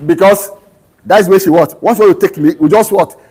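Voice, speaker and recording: A man's voice: sits high, normal speed, a little mellow, husky, rough recording. A middle-aged man with a Nigerian accent giving a live university lecture, constantly quizzing students with half-finished sentences and explaining ideas through everyday family stories. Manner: drills students with fill-in-the-blank questions ending in "what?"; teaches through homely family anecdotes. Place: lecture room.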